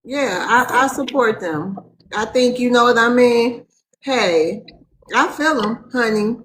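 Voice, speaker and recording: A woman hosting a live online panel, moderating in a brisk, playful way. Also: fairly high pitch, noisy background. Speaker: host.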